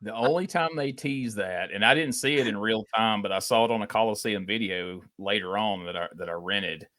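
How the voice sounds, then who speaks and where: A man talking as a guest in a casual podcast chat, relaxed and chatty, laughing easily. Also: lowish voice, fairly quick, no echo.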